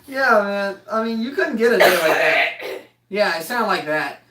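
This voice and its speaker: A woman's voice: mid-range voice, moderate pace, a bit bright, a little hiss or hum. A woman telling a funny family story in casual chat, joking and laughing as she goes. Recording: echoey room, mic far off.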